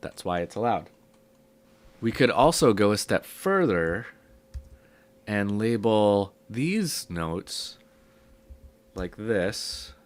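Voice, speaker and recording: A young man with a sick, hoarse voice, casually teaching a music theory lesson step by step. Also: fairly low pitch, slow, long pauses. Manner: relaxed, explaining step by step with fillers.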